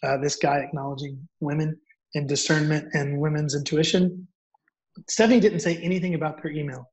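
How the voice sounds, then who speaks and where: A man telling a story as a guest author, acting out the dialogue in an animated way. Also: a little high, a little fast. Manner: animated, acts out quoted dialogue. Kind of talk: storytelling in an interview. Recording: dull lo-fi audio.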